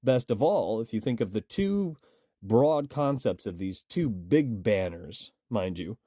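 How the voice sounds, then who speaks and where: A man's voice: fairly low pitch, big pitch swings, unhurried, warm tone, no room sound, studio quality. A man ranting in a rambling, cursing monologue with a toothbrush in his mouth. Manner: rambling, cursing, frustrated rant. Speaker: vlogger. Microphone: phone.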